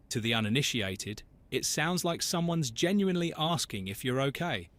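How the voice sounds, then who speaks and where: A man's voice: medium pitch, expressive, normal speed, a bit bright. A man reading scripted, witty narration for a list video. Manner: crisp, witty listicle delivery.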